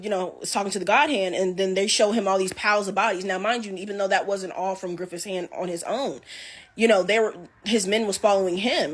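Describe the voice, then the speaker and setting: A woman talking casually about an anime, animated and emphatic, often asking "right?". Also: medium pitch. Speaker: anime commentator. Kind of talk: casual opinion talk.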